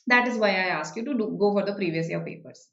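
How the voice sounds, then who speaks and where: In a lo-fi, roomy recording, a woman with an Indian English accent talks fast in a mid-range, slightly bright voice with vocal fry. She's teaching an online live exam-prep class, answering student questions, explaining points and checking in with "okay" and "right."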